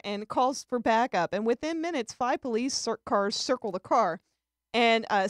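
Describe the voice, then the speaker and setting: A woman with a fairly high voice hosts a casual live-streamed talk show, chatting loosely and giggling often as she restarts her sentences. The sound is dry and close, with no room echo. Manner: chatty and giggly, tells jokes, frequent restarts. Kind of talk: casual chat.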